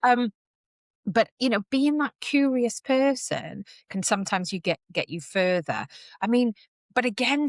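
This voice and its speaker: In a casual chat on a podcast, a woman in her forties tells stories animatedly, frequently acting out other people's voices. Her voice is mid-range, and the recording is clean studio sound with no room noise.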